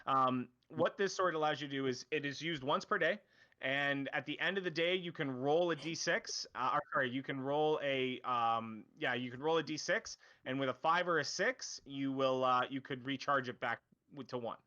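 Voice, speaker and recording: A man's voice: medium pitch, moderate pace, sharp tone, muffled recording. A man narrating as dungeon master of a tabletop game, rambling and correcting himself as he explains the rules. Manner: rambling, self-correcting, laughs often.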